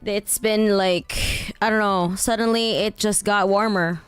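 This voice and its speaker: A woman's voice: medium pitch, steady tone, a little slow, smooth, no echo, soft background music. A woman streamer chatting casually with her viewers, slightly nasal today, laughing often and trailing off with fillers. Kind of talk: casual livestream chat.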